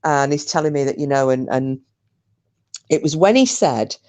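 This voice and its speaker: A woman's voice: low voice, moderate pace, mellow. Chatty British woman hosting a livestream. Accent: British English. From United Kingdom. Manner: chatty, swears freely, mocking. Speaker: livestream host. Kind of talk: casual live chat with viewers.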